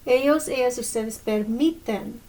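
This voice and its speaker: A woman's voice: fairly high pitch, mellow. Patient woman teaching grammar. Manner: slow, patient explaining, pausing and correcting herself. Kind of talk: recorded classroom lesson.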